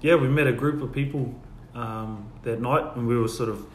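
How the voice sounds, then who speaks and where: A man's voice: medium pitch, steady tone, moderate pace. Man telling church stories in echoey room. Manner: storytelling, acts out quoted dialogue softly. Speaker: guest sharing testimonies. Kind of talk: casual church testimony chat. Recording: echoey room with faint ambient noise.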